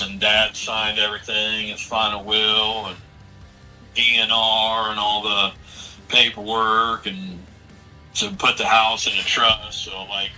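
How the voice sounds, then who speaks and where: A man's voice: on the low side, pushed and bright, recorded from a distance, low-quality recording. A man in his forties in casual chat, talking bluntly and with a lot of swearing as he rambles through a family story. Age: 40s. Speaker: streamer.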